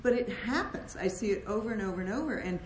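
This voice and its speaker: A woman co-hosting a Christian talk on marriage, affirming and halting, with many restarts. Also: mid-range voice, animated, roomy sound, a little hiss or hum, poor audio. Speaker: co-host, wife of the other host.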